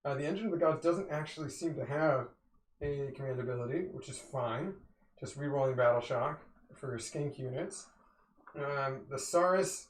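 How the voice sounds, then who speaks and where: Guy streaming a tabletop wargame, slightly high voice, thinks out loud to chat, echoey room. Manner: thinks aloud, addresses viewers as "you guys". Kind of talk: casual play-by-play of a tabletop game.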